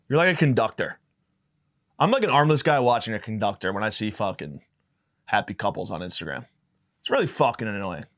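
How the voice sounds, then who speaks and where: A young man in the middle of a comedic podcast monologue, swearing freely and bouncing between tangents. His voice sits at an ordinary pitch for a man, and he rants with loose, rambling energy. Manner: rambling, profane ranting. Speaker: podcast host.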